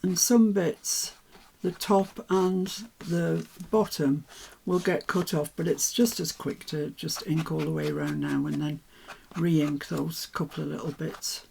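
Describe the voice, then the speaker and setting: A woman chatting casually to herself as she works on a papercraft project, with soft asides. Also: deep voice, steady tone, unhurried, creaky, few pauses, a little hiss or hum. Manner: chatty, self-talking while working, soft asides. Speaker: papercraft vlogger. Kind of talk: casual crafting commentary.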